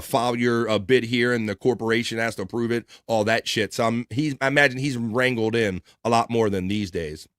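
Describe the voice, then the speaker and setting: A man's voice: mid-range voice, no room sound, studio quality. A man hosting a casual livestream from the US East Coast, reading chat messages aloud and chatting loosely with lots of filler words. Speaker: live stream host reading chat.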